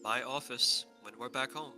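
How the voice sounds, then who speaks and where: A man's voice: medium pitch, normal speed, sharp tone, faint music behind. A man playing a character in a tabletop game, prim and indignant.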